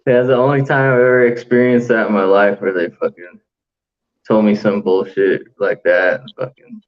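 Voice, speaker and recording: Low-voiced man, swearing, lo-fi. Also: steady tone, moderate pace. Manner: profane, laughing storyteller. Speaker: host. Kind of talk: casual late-night chat.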